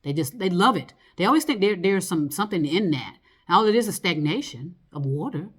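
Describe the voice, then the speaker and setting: A woman with a notably low voice talks in a loose, rambling monologue. She drifts between thoughts, circles back on herself and swears freely. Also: lively intonation, a little fast, slightly rough. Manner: rambling, loose and profane, lots of fillers and laughs.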